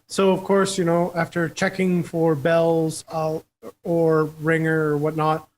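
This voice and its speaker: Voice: medium pitch, little pitch movement, a little slow, poor audio. A player in a tabletop game, talking eagerly and chattily about what the character does.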